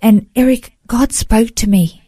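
A woman's voice: fairly high pitch, measured pace, dark tone, no echo. A woman telling a heartfelt personal testimony in an earnest, emotional way, often saying "you know". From Australia. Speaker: guest sharing a personal testimony. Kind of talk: emotional first-person storytelling.

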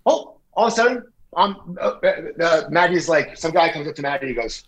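A man's voice: a little high, fast, low-quality recording. A man on a podcast, rambling through a heated, profane comedic rant and acting out what others said. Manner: rambling, profane, confrontational, acts out quotes. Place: indoor room with wallpaper and a lit mirror.

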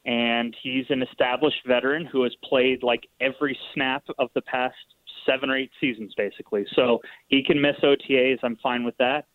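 A man with a nasal voice calling in as a guest, talking through his opinion in a measured way. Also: medium pitch, steady tone, no room sound. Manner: measured, thinking aloud. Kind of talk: casual sports talk. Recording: tinny phone-line audio.

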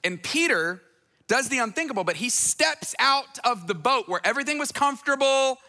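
A man's voice: very high voice, expressive, moderate pace, pushed and bright, in a large hall. A man preaching a sermon as pastor, talking in a conversational way and acting out the people in the stories he tells. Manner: conversational, acts out voices in retellings.

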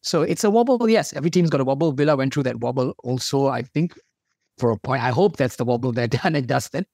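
A man's voice: medium pitch, fast talker, gravelly, darkish tone, dry recording. A man giving upbeat, confident opinions as a football pundit in casual studio chat.

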